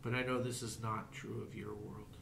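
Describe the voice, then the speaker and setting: A man voicing a calm, solemn male elf envoy who speaks in a measured, formal way. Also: lowish voice, vocal fry, background noise. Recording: roomy echo.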